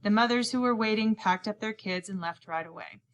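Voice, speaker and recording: A woman's voice: medium pitch, brisk, smooth. A woman reading a children's novel aloud, narrating as a young boy and acting out the other characters' lines. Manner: reads in a boy's first-person voice, acting out each character's lines. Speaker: audiobook narrator. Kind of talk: scripted narration.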